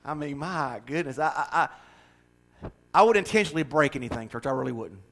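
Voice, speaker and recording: A middle-aged man preaching a folksy, joking sermon that swells into fervent, loud passages. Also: a little high, lively intonation, a little fast. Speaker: pastor.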